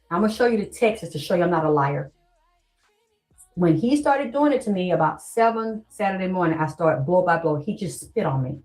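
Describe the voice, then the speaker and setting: A woman's voice: fairly low pitch, darkish tone, poor audio. A middle-aged woman talking straight to her viewers in a heated, profane livestream rant, acting out what others said to her.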